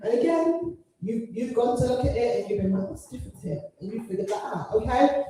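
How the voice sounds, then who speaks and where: A woman leads a gospel singing workshop, breaking into sung phrases to show placement and laughing easily as she teaches. Her voice is mellow and fairly high. She is heard from across a large, very reverberant hall. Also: a little fast, soft background music. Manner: lively, demonstrates phrases by singing, laughs often. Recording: echoey hall, voice from far off the mic.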